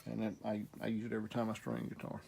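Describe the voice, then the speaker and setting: Middle-aged Southern man, heavy vocal fry, laid-back workshop instructor, faint noise. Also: fairly low pitch, very fast. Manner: relaxed, rambling, talks while working. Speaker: guitar repair instructor. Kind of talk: casual how-to demonstration.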